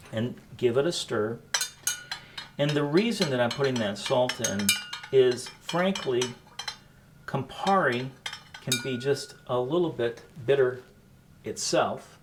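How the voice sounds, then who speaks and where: A middle-aged man hosting a home coffee cocktail demo, explaining each step in a relaxed, chatty way. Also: mid-range voice, slow pace, pauses often, background noise. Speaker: host making a coffee cocktail. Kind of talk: casual cooking demo chat.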